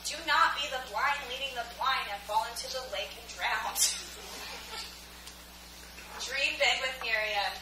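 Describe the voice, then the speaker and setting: Brief: animated woman speaker with a high voice, sarcastic storyteller, recorded from afar in an echoey hall. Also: measured pace, long pauses. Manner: animated storyteller who voices her friends; self-described sarcastic. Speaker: speaker at a sales training event. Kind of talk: motivational business talk. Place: event hall. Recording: echoey hall from far off with noise.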